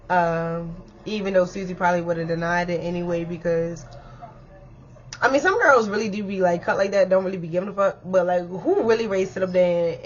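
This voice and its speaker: A young woman vlogger telling a story time to her viewers in a casual, animated way, swearing freely and breaking into laughter. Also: on the low side, lo-fi sound, slight background noise.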